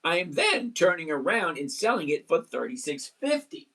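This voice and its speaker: A man with a hoarse, husky voice runs a casual trading livestream at his desk. He rides a lively, swinging pitch, greets viewers and walks through his points one at a time. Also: moderate pace. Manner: chatty, greets viewers, explains step by step. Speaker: livestream host.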